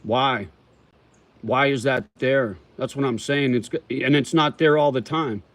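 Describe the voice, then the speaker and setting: A man's voice: medium pitch, unhurried, a bit bright. A man hosting a casual livestream, answering viewer comments in a profane, slangy way and calling people homie and brother while he chews tobacco. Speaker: livestream host.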